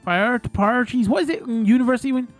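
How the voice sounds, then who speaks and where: A man's voice: very high voice, fast, soft background music. A man chatting casually on a live stream, telling rambling stories full of slang and laughter.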